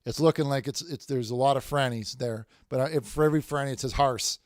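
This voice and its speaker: A man's voice: mid-range voice, fast, a little mellow, no room sound, clean studio sound. A man hosting a casual livestream, reading viewer messages aloud with many restarts and repeated words. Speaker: livestream host reading chat.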